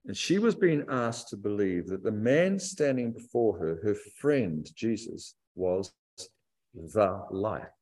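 A man preaching a sermon to a church congregation, reflective and emphatic, stretching key phrases out slowly. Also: fairly low pitch, lively intonation, a little mellow. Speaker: pastor.

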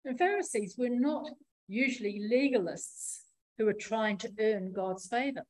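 A woman preacher giving a sermon in a measured, reflective teaching manner, pausing often as she explains. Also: on the high side, darkish tone, dry recording, poor audio.

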